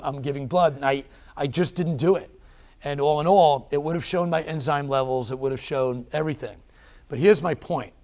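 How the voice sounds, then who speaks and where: A middle-aged man with a slightly high voice tells a personal story while being interviewed. He's animated and emphatic, frequently restarting and using fillers.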